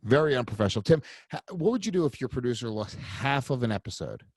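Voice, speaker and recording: A man's voice: mid-range voice, very animated, breathy edge, no echo. A man hosting a podcast over a video call, chatting casually with a guest, swearing often and laughing as he talks. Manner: profane, fast-talking, laughing. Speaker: podcast host. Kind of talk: casual chat.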